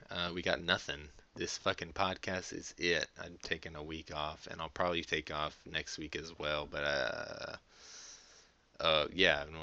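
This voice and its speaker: Slow-talking creaky-voiced man. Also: low-pitched, sharp tone, lo-fi sound. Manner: profane, laughing often, rambling. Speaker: podcast host. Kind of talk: casual rambling monologue.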